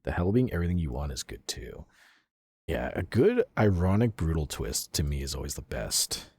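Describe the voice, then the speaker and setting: A man's voice: rumbling low, big pitch swings, moderate pace, gravelly, darkish tone, slightly rough, dry recording. A man streaming and chatting casually, rambling through a story with lots of "like" fillers and casual swearing, close to the mic. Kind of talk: casual chat retelling a story.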